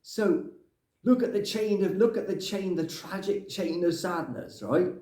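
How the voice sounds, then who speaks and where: A man's voice: high voice, a little slow, mellow. A man playing a grumpy older Englishman who rambles and rants in a comic monologue, tagging his lines with "right?". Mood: grumbling. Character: grumpy older Englishman ranting about clutter. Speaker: comic character. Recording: echoey room.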